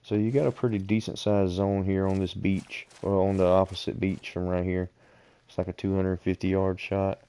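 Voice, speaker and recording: Streamer, male, deep and mellow, calm guide to fellow players. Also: clear, resonant tone, no echo. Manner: unhurried, explains directions to other players. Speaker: gaming streamer. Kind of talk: casual gameplay chat.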